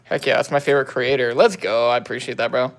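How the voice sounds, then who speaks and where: A young man hosts a livestream from his phone, greeting viewers and answering comments in relaxed slang. His voice is medium in pitch and he talks fast.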